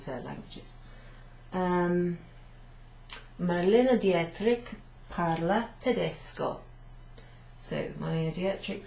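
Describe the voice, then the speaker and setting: A British woman teaches a beginners' language class at a whiteboard in a venue classroom, explaining step by step with fillers. Her lowish voice is gravelly and a little mellow, in an echoey room with slight background noise.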